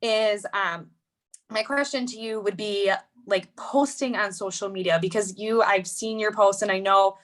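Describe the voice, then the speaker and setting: Bright, upbeat woman hosting a live stream. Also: medium pitch, steady tone, a little slow. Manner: enthusiastic, encouraging, many likes. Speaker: host, coach. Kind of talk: casual live-stream chat.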